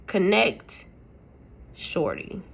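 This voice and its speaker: Lively, chatty woman teaching makeup. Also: medium pitch, extremely slow, gravelly, breathy edge. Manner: chatty, playful, talks straight to viewers. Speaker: makeup tutorial host. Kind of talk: casual step-by-step tutorial talk.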